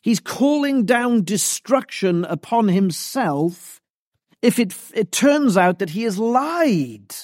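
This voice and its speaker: A man delivers an expository sermon at a slow, measured pace, pressing each point with emphasis. His voice sits a bit higher than most men's. The sound is dry and close, with no room echo. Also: big pitch swings, darkish tone. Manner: deliberate, emphatic expository preaching. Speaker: preacher.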